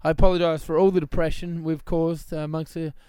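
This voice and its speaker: A man's voice: a little high, level tone, quick pace, dark tone, clean tone, no room sound, clean studio sound. A young man co-hosting a casual podcast, telling a rambling story with many restarts and laughs. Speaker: podcast co-host. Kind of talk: casual chat.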